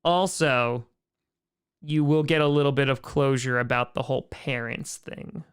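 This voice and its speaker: A man's voice: medium pitch, steady tone, unhurried, smooth. A man hosting a casual livestream Q&A, reading out viewer questions and answering in a chatty way that repeats phrases.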